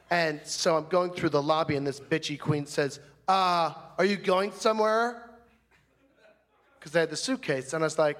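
A stand-up comic in character as a flamboyant, fussy, chatty man rambles through a prissy, gossipy grievance on a stage mic during a live comedy monologue. His voice sits a little high, with a fairly bright tone that stays close to everyday speech.

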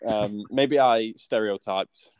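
A man's voice: on the low side, slow, darkish tone. A man co-hosting a casual chat, telling a grumbling story with lots of restarts. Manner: rambling, stammers, grumbling. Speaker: podcast co-host.

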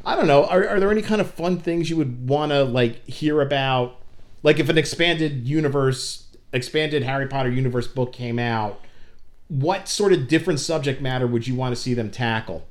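An American man talking in a loose, rambling podcast chat, his voice sitting at an ordinary middle pitch. He laughs often and his pitch jumps sharply when he gets worked up. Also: normal speed. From United States. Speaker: podcast co-host. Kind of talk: casual fan chat.

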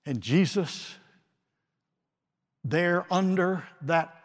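A man preaching a sermon with slow, dramatic delivery and long pauses, swinging from forceful declarations to hushed, quiet phrases. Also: a little high. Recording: long reverb of a large hall.

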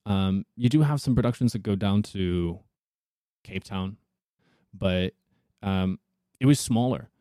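A man's voice: low-pitched, measured pace, dark tone, dry recording, clean studio sound. A young man from South Africa, an actor, talking casually and rambling as an interview guest. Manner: rambling, thinks aloud.

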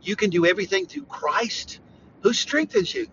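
Emphatic, high-pitched man preaching. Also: very animated, moderate pace, creaky, dull audio, background noise. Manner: emphatic and repetitive, with sudden bursts of loud emphasis; conversational, talks straight to the listener. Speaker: preacher hosting a podcast. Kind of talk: informal devotional podcast talk.

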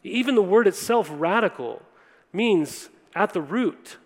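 Young guy pastor preaching, earnest and direct, kinda high voice, long echo off the church walls. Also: expressive, a little slow. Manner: earnest, direct address with frequent "right?" asides. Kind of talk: sermon. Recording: long hall reverb.

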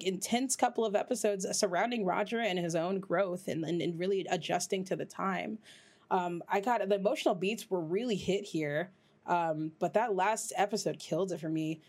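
A woman hosting a podcast, chatting casually and rambling, swearing freely, with her voice jumping up high when she gets worked up. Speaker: podcast host. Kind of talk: casual chat.

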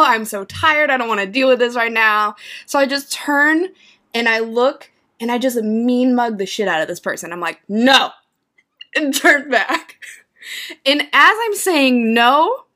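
A woman co-hosting a casual chat, telling stories with lots of laughter and acted-out reactions. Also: on the high side. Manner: animated, laughs often, acts out her own reactions.

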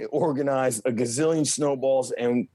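A middle-aged man in casual chat, telling lively childhood stories with swearing and laughter. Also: medium pitch, a little slow, dry recording.

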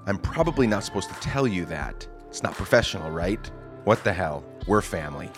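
Deep-voiced guy hosting a podcast, jokey and loose, morning voice, faint music behind. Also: very animated, a little fast. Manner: jokey, casual, self-deprecating. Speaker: podcast host. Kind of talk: conversational podcast interview.

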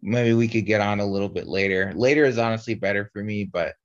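A young man co-hosts a casual podcast, rambling with lots of fillers and restarts. He talks fast in a lowish voice, and the lo-fi audio is slightly dull.

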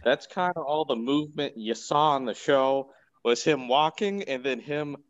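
A man's voice: mid-range voice, moderate pace, dry recording, muffled recording. A man co-hosting a podcast, casually recapping a cartoon episode in a rambling, laid-back way with lots of filler words, over a computer mic on a video call. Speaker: podcast co-host. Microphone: home computer mic on a video call.

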